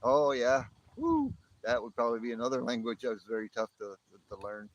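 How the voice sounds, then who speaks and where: Speaking quickly in a fairly low, level voice, this livestream host from the northern US by the Canadian border rambles, chuckles often and restarts sentences. The high frequencies are cut off in the recording.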